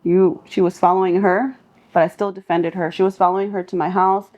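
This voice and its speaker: On a podcast, a young SoCal singer recounts street encounters with loose, profane humor, frequent laughter, and animated impressions of what others said. Her pitch is fairly low, her pace a little fast, and the recording is muffled.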